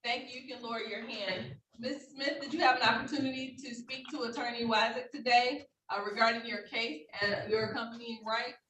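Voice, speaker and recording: A woman's voice: on the high side, fairly even intonation, brisk, few pauses, sharp tone. A woman judge running courtroom proceedings in a formal, patient, procedural manner over a video call. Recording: roomy, distant, faint noise.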